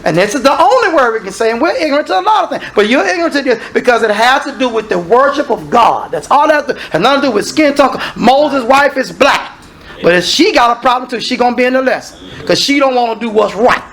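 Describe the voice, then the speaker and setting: Male preacher, sermon delivery, highly animated pitch that leaps up and down, punchy calls to the congregation. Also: quick pace. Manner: animated preaching, swinging from low asides to shouted exclamations; calls and questions aimed at the congregation.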